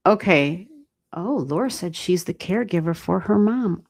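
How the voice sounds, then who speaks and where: An American woman giving astrology readings on a livestream, thinking aloud and chatting with viewers in a relaxed way, with the odd swear word. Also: lowish voice, moderate pace, gravelly. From United States. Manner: thinks aloud, talks to chat, mild swearing. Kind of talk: casual livestream chat.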